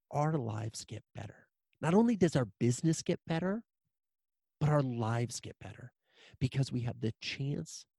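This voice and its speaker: Gravelly, husky man telling a story. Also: medium pitch, darkish tone, no room sound. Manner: emphatic, repeats lines for weight. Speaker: guest speaker. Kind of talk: interview storytelling.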